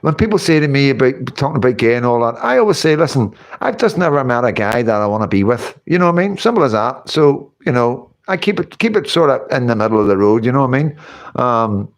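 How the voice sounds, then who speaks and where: Talking fast in a sing-song, medium-pitched voice, this livestream host reads chat comments aloud, rambling and chatting casually and laughing often.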